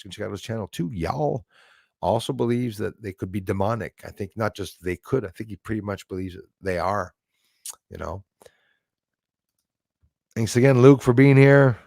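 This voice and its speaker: Gravelly ranting livestream man in his forties. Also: mid-range voice, darkish tone, dry recording, studio quality. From Canada. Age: 40s. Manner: ranting, opinionated, laughs between remarks. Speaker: livestream host. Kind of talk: casual live-stream chat reading viewer comments.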